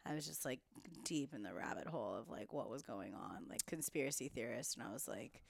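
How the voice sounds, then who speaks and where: A woman's voice: extremely low pitch, animated, brisk, vocal fry, no room sound. A woman podcast host talking in a casual conversation. She shares openly and earnestly, with many "like" fillers.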